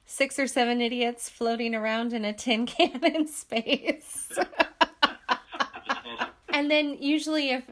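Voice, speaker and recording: A woman's voice: fairly high pitch, fairly even intonation, takes it slowly, long pauses. A woman in her thirties, a podcast cast member, chatting casually and laughing often as she talks. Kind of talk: casual chat.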